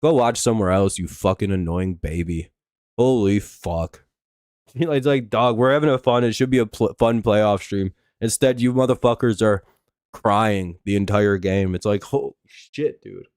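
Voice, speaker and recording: A man's voice: on the low side, normal speed, a little mellow, smooth, no room sound, studio quality. A young man hosting a live baseball watch-along stream, chatting casually and ranting with heavy swearing at negative chatters. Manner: profane, exasperated ranting at chatters. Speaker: livestream host.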